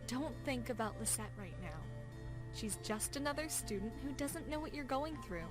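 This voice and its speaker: A woman voicing a kind, encouraging adult teacher in a game, gently reassuring. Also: high-pitched, lively intonation, moderate pace, faint music behind. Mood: gentle. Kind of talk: voiced game dialogue.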